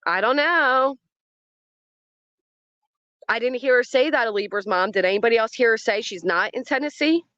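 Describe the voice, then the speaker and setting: A woman's voice: a little high, normal speed, pauses often, a bit bright, dry recording, highs cut off. A woman hosting a livestream who reacts to a clip, greets people in the chat, and picks apart what she hears with a skeptical, argumentative tone. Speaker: commentary livestream host.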